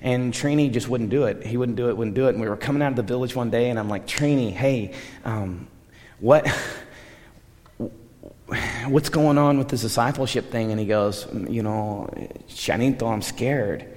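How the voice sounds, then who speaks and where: A middle-aged man preaching as a missionary, telling stories in a lively, conversational way and acting out the dialogue. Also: medium pitch, moderate pace, pauses often, long reverb tail. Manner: animated, conversational, acts out dialogue. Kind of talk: sermon storytelling.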